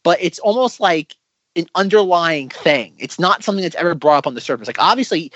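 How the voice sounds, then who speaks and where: An animated man co-hosting a casual film podcast, his pitch jumping around as he talks, peppered with "like" fillers. The sound is dry and close, a little dull in the highs, and his voice sits slightly high. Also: brisk, dry recording. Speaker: podcast co-host.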